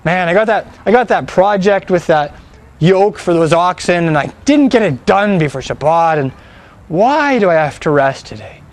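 Guy putting on a tired sulky young dude whining, kinda high voice for a man. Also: expressive, moderate pace. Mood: whiny. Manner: whiny, sluggish complaining.

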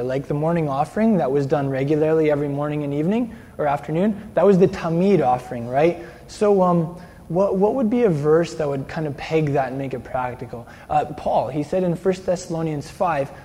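A man's voice: a little high, dark tone. A man preaching a sermon in a conversational way, often ending lines with "eh?" or "right?". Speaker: pastor. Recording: long hall reverb.

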